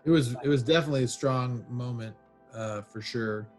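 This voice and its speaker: A man on a panel discussing a TV series in a measured, thoughtful way, filling his pauses with ums and uhs. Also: medium pitch, a little mellow, faint music behind. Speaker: podcast panelist. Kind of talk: casual discussion of a TV show.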